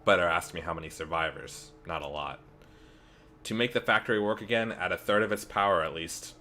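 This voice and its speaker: A man reading aloud the lines of a gruff, rich older factory boss in a game. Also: deep voice, brisk, bright, forceful tone. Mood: dismissive. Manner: reads game dialogue aloud, dismissive.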